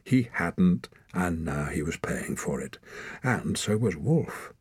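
A male narrator reading a story aloud, deep and husky, with a lively, expressive rise and fall. The sound is close and dry, with no room to speak of. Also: takes it slowly, no echo. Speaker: audiobook narrator. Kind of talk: scripted narration.

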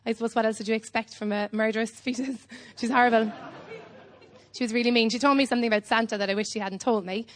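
A young Irish woman doing standup on a club stage, telling a whimsical, rambling story in a deadpan way, with lots of ums. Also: a little high, fast, some chatter behind. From Ireland. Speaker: standup comedian. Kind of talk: live standup set.

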